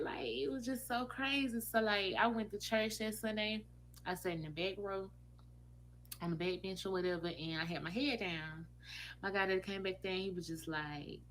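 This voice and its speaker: Woman, casual storyteller, mid-pitched, acts out quotes, faint hum behind. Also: normal speed, poor audio. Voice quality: animated, acts out quoted voices. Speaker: vlogger telling her own story.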